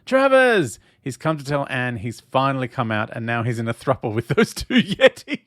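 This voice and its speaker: A man's voice: mid-range voice, big pitch swings, brisk, fairly bright tone, no echo, clean studio sound. A man hosting a casual watch-along, reading chat aloud and commenting, with a giggly, camp manner and frequent laughter. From Australia. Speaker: host of a watch-along stream.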